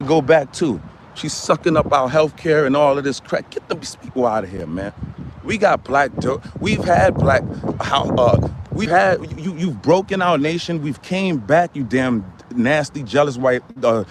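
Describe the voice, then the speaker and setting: A man puts on a boastful, hot-tempered ranter with a somewhat high voice that lurches between low mutters and sudden yells. He repeats himself constantly and talks in a comedic stream rant. A faint hum of outdoor traffic sits underneath. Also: animated, moderate pace, lightly acted. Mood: angry. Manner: ranting, repetitive, swinging from mutters to yells. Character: loud boastful ranting man, quick to anger.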